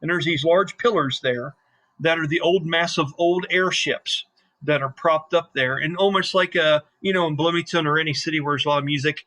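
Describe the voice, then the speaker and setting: Male game master, loose chatty narrator with lots of fillers; bright, forward voice. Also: on the high side. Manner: rambling and casual, with many fillers.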